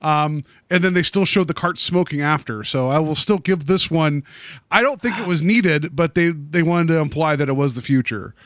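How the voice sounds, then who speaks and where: A man co-hosting a casual podcast chat, rambling through an episode recap with plenty of fillers and restarts. His voice sits a little high and is recorded dry and close, with no room sound. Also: moderate pace, a bit bright, dry recording. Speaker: podcast co-host.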